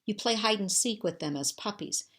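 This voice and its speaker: A woman's voice: medium pitch, moderate pace, fairly bright tone, pitched above the performer's own voice, natural voice. A woman reading aloud, voicing an eager young American rescue worker who talks earnestly and coaxes a dog.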